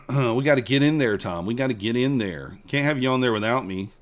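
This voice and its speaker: A man's voice: mid-range voice, expressive, a little fast. A man streaming live futures trades, chatting casually with his viewers, joking and hyping his trades. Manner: chatty, joking with chat, banters and hypes trades.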